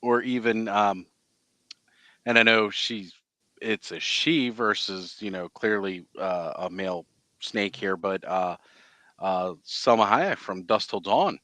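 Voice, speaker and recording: Casting: lowish male voice, rambling podcast co-host, dry close recording. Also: slow pace, bright, forceful tone, no room sound. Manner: rambling, many "you know" fillers. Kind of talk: casual chat.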